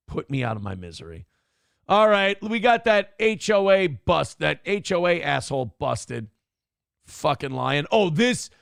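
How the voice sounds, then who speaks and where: A man's voice: on the high side, gravelly, no room sound, clean studio sound. A man hosting a live-streamed morning show, talking casually and bluntly, swearing freely and reading out viewer donations.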